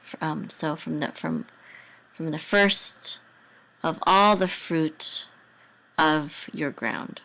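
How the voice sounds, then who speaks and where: Woman teacher, lowish voice, slow and methodical, sounds out syllables, hesitant fillers. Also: sharp tone, low-quality recording. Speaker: Hebrew and Torah cantillation teacher. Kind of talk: language lesson, sounding out words syllable by syllable.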